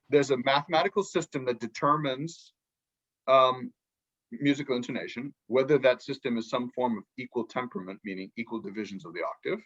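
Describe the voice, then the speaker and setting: A man, a podcast guest and book author, explaining music ideas in a lively way and acting out quotes from musicians. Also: medium pitch, muffled recording. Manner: animated, acts out musicians' quotes, many restarts.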